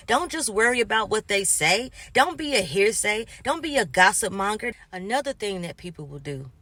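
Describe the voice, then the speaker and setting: A woman's voice: mid-range voice, dry recording. Emphatic woman giving life advice, dry. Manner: emphatic, acts out quoted people in animated asides. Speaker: vlogger. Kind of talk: casual motivational monologue.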